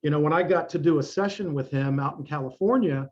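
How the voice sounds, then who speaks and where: A man's voice: a little high, fast talker, muffled recording. Blunt, swearing middle-aged male coach. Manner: blunt, profane, emphatic. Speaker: fitness coach guest. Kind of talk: casual interview talk.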